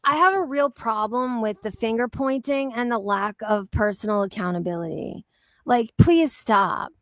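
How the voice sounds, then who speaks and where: A woman's voice: fairly high pitch, moderate pace, a bit bright, no room sound, clean studio sound. A woman hosting a casual livestream, blunt and heated, swearing freely as she talks. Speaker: livestream host.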